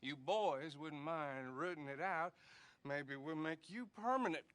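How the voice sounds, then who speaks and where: A courteous but scheming small-town sheriff in a western video game. He drawls slowly in a high, bright, lively voice, recorded close and dry. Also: clear, resonant tone, no room sound.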